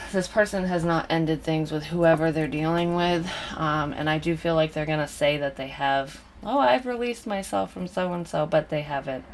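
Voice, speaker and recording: A woman's voice: sits low, level tone, moderate pace, a little hiss or hum. A woman giving a casual tarot reading to camera, blunt and swearing freely, drifting into rants. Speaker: psychic tarot reader.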